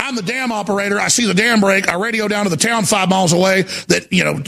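A man hosting a talk radio show, delivering a frantic, desperate monologue that often breaks into shouting. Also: high voice, fast, creaky. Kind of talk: impassioned on-air monologue.

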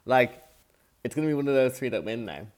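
A man's voice: medium pitch, animated, fairly quick, darkish tone. Gossipy, enthusiastic podcast co-host man. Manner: enthusiastic, gossipy, drops his voice to mimic people. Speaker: podcast co-host, former contestant. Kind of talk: casual recap chat.

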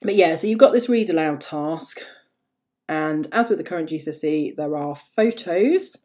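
A woman talks through her solo podcast in a low, mellow voice. She rambles loosely and wanders into asides as she goes. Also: animated, moderate pace. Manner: chatty, rambling, full of asides and fillers. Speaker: podcast host. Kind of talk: casual solo podcast talk.

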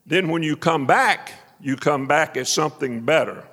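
Soft puzzled young man, as a preacher puts him on. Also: fairly high pitch, expressive, moderate pace, long reverb tail, voice pushed down. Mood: hesitant. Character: quiet, puzzled young Hindu man on a plane.

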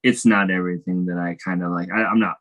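A man chatting casually as a guest, relaxed and filling his talk with "like". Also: deep voice, fast. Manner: relaxed, many fillers like "like". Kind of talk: casual conversation.

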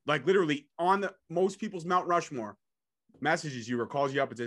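A man's voice: a little high, fairly quick, fairly bright tone. Eager male podcast host. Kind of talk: interview questions.

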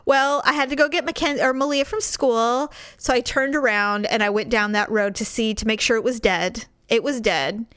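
A woman in her forties telling a story in casual chat, dramatic and animated, acting out quoted dialogue. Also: a little high, normal speed, few pauses, clear, resonant tone, no echo.

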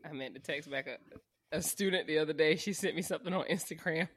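A woman's voice: low-pitched, quick pace, slightly rough, no echo, studio quality. A woman, co-hosting a podcast in frank, profane casual chat. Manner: frank, profane, laughing often. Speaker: podcast co-host.

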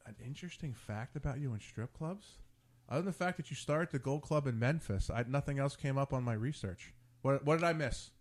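With a medium-pitched voice and a slightly quick pace, a podcast host chats casually, spinning crude, animated stories and voicing his friends' lines in dialogue.

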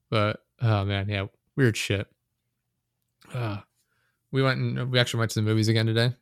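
A man's voice: lowish voice, fairly even intonation, normal speed, long pauses, smooth, dry recording, clean studio sound. A young man chatting casually as a podcast host, telling long rambling stories, swearing a lot and laughing often. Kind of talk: casual chat.

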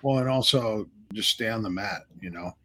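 A man's voice: on the low side, normal speed. A middle-aged man, a martial arts instructor, casually telling stories in an interview and acting out the dialogue. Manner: animated storyteller acting out quoted dialogue.

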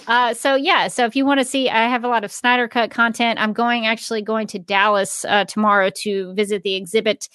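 A woman's voice: on the high side, steady tone, fairly quick, hardly any pauses, fairly bright tone, no echo, studio quality. A woman co-hosting a podcast in casual chat, chatty and giggly with lots of fillers. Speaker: podcast co-host.

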